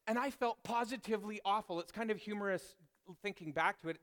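A man preaching a sermon as pastor, telling a self-deprecating personal story in a lively, animated way. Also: sits high, quick pace.

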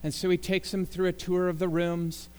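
A man's voice: high voice, little pitch movement, normal speed, darkish tone, clean tone. A man preaching a sermon as pastor, telling jokes and building to emphatic appeals in a church sanctuary. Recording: long reverb in a large hall.

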